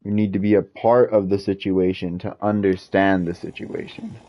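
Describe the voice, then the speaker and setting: A man's voice: low-pitched, level tone, moderate pace. Frustrated man ranting on a lo-fi stream. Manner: frustrated ranting, repetitive, swears mildly. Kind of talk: casual gaming stream rant.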